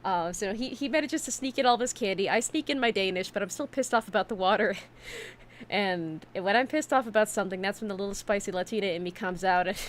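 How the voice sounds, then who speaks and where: A woman streamer in casual chat, telling stories in an animated way with many fillers and restarts, talking from her home setup. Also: medium pitch, fast talker, slight background noise.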